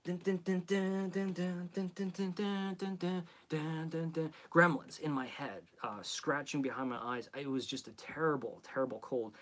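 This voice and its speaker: A man's voice: medium pitch, fairly bright tone. A man with a head cold, hosting a live stream in a rambling, self-mocking, chatty way. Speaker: host.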